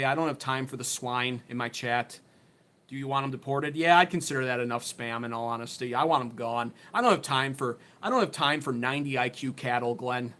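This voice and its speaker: A man's voice: mid-range voice, sharp tone. A man hosting a political livestream, sarcastic, worked up and blunt, swearing as he talks into a phone on a desk mount. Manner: sarcastic, riled up, blunt and profane. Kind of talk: heated political commentary livestream.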